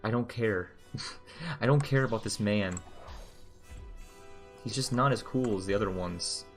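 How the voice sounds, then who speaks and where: A man's voice: on the low side, a little slow, soft background music. A young man streaming a video game, rambling and joking casually, swearing freely, with keyboard typing nearby. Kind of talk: casual gameplay commentary.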